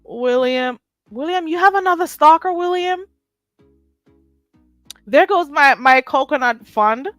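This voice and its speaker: A woman's voice: sits high, animated, unhurried, long pauses, a bit bright, no echo, soft background music. Sassy woman streaming live. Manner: sassy, blunt, laughs often. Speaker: livestream host. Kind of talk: casual live-stream chat.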